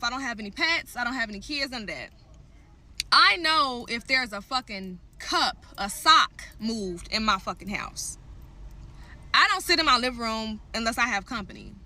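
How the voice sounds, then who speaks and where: A woman's voice: fairly high pitch, expressive, normal speed, sharp tone. A young woman ranting to her viewers, telling an angry story full of swearing and heated asides. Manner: heated, profane, talks straight to viewers.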